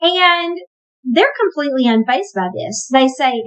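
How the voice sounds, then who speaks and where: High-voiced woman retelling a Bible story. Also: animated, a little slow, fairly bright tone, poor audio. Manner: conversational, wry, emphatic. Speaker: Bible teacher.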